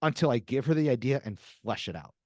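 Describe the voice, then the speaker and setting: Podcast guest, middle-aged man, lively, acts out dialogue; dry close mic. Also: mid-range voice, fairly quick, dry recording, lo-fi sound. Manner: animated storyteller acting out dialogue. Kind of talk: casual interview conversation.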